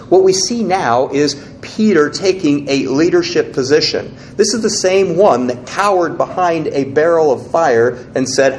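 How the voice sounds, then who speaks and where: A man's voice: medium pitch, animated, unhurried, a little hiss or hum. A man preaching a sermon, teaching in a conversational way and guiding listeners through the verses as he reads them aloud. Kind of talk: sermon with scripture reading.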